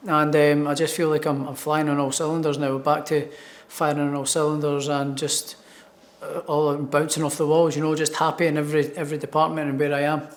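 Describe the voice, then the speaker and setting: This man, a Scottish professional boxer, talks a little fast in a fairly high, level voice while fielding interview questions. His answers are upbeat, with repeated words at the start of each thought.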